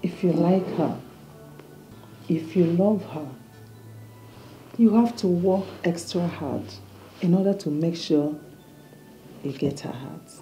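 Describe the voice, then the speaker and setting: A royal mother speaks slowly with a dark, mellow voice. She measures her words and questions her son's choices. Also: lowish voice, soft background music, low-quality recording. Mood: advising. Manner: measured, probing.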